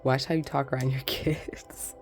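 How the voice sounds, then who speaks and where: Woman, tarot reader, low voice, rambling chat to viewers. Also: steady tone, moderate pace, soft background music. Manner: rambling, chatty, addresses viewers as guys. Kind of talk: casual pick-a-card tarot reading.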